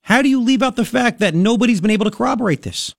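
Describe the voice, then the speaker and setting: A man's voice: very high-pitched, fast talker, gravelly, no room sound, studio quality. A man hosting a talk radio show, ranting in a sarcastic, mocking and exasperated way. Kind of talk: opinionated talk radio monologue. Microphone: studio microphone.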